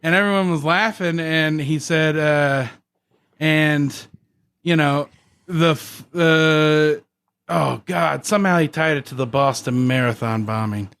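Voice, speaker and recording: A man rambling through a deadpan joke on a comedy podcast, stumbling over his words. His voice sits a little high for a man. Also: measured pace, clean tone, no room sound, studio quality. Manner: rambling deadpan joke-telling with many restarts. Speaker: podcast co-host. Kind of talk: casual comedic banter.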